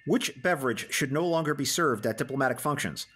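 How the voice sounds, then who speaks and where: A man's voice: medium pitch, expressive, a little fast, a bit bright, slightly rough. A man hosting a podcast interview, playfully announcing a mock game-show quiz in a theatrical way. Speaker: podcast host.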